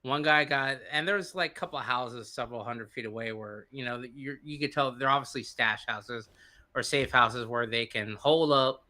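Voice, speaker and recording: A man telling a long story on a podcast in a casual, animated way, laughing and acting out the people he quotes. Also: mid-range voice, normal speed. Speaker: podcast guest.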